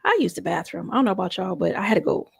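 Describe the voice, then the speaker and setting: Animated woman telling a personal story. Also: medium pitch, very fast, vocal fry, slightly rough, dry recording, studio quality. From Chicago area. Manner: animated, conversational, swings between loud exclamations and hushed asides. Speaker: host.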